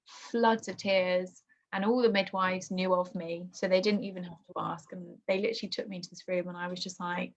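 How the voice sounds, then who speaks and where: A young woman telling a painful personal story in conversation, halting and emotional with many restarts. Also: on the low side, little pitch movement. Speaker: guest. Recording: dull lo-fi podcast audio.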